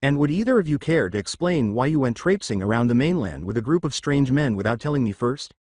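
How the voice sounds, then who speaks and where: A man's voice: medium pitch, expressive, fairly quick, a little mellow, no echo, studio quality, natural voice. A man reading the lines of a protective young male ninja, scolding mildly. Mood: reproachful. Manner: reproachful.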